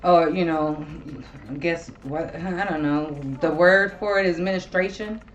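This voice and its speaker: Seorang wanita paruh baya yang mengobrol santai dan bertele-tele sebagai pembawa acara podcast, sering mengumpat dengan gaya yang hidup. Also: female voice, lowish voice, unhurried, dull audio, slight background noise. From Ohio. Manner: swears a lot, rambling and animated. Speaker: podcast host. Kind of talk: casual chat.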